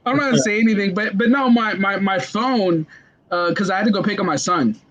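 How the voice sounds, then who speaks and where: A man on a casual online chat, relaxed and quick to laugh. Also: high-pitched, lo-fi sound, crowd noise. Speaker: guest.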